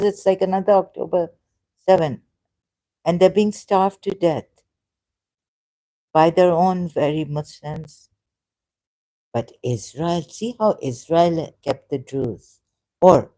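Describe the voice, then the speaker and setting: Slow, low-voiced impassioned woman streamer. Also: mellow, rough recording. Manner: impassioned, repetitive, rhetorical questions. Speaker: live stream host. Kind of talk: rambling live stream commentary.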